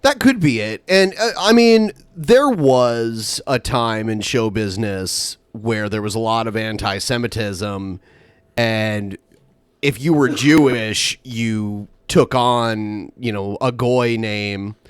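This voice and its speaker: A man's voice: lowish voice, slow, clean tone, dry recording. A man co-hosting a podcast, chatting casually and laughing often. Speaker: podcast co-host.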